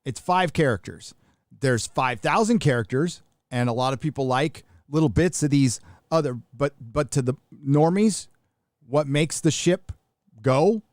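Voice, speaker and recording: A man's voice: on the high side, a little slow, darkish tone, no room sound, studio quality. A middle-aged man from the United States hosting a live stream, talking bluntly and profanely in rambling casual commentary with many restarts.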